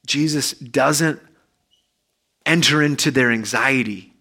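A bright, fairly high-voiced man preaching a sermon in church. He talks conversationally, rising to loud, high-pitched peaks and then falling back to quiet, low-pitched asides. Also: moderate pace. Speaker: pastor.

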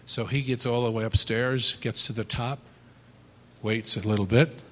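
A man telling a motivational story in a halting, animated way, with many restarts. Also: medium pitch. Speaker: speaker. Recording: long hall reverb.

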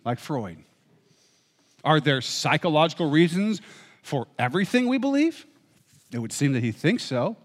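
A man's voice: a little high, sing-song, moderate pace. A man preaching a sermon, emphatic, and often asking rhetorical questions. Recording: echoey hall reverb.

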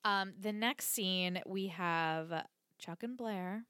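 A woman's voice: medium pitch, slow pace, sharp tone, clean tone, dry recording, studio quality. A woman co-hosting a podcast, recapping a TV episode in casual chat and acting out the characters' lines. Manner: recaps scenes, acts out quotes. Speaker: podcast co-host.

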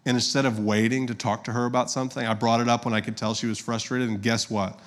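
Conversational pastor preaching. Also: male voice, mid-range voice, flat delivery, quick pace. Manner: conversational, personal storytelling with direct audience address. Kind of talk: sermon.

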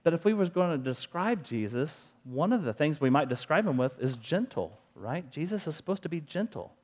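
A man's voice: a little high, very animated, moderate pace. A middle-aged man preaching a sermon as a pastor, talking to the congregation in an earnest, conversational way and asking rhetorical questions.

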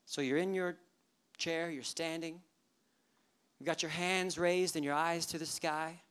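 A male pastor in his thirties delivers a lively sermon. He moves between plain teaching and playful storytelling, acting out the stray thoughts of people in the pews. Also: a little high, a little slow, clean tone. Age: 30s. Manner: animated storytelling, acting out worshippers' inner thoughts with humor.

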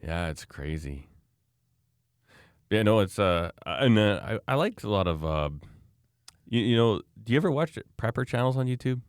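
Low-voiced male co-host, loose rambling chat, dead-dry sound. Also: sing-song, normal speed, long pauses, clear, resonant tone, dry recording. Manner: rambling, many fillers and restarts. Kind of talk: casual chat.

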